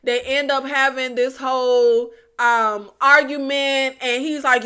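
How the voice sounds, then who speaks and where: Woman w/ doing a casual tv recap vlog, high bright voice, animated and exasperated. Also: slow pace, few pauses, clear, resonant tone. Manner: animated, exasperated, addresses viewers as "y'all". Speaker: TV recap vlogger.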